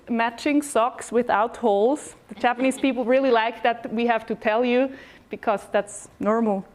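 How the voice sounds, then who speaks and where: Lively woman giving a stage talk. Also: fairly high pitch. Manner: lively, chatty, with fillers and restarts. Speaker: speaker at a talk event. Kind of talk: short presentation talk. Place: event hall.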